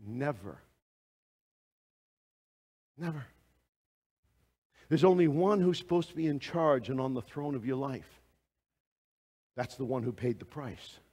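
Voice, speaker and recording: Male preacher, high voice, dynamic sermon delivery, loud peaks and quiet asides. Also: long reverb tail. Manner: dynamic preaching that swings between loud exclamations and hushed asides; asks the congregation direct questions.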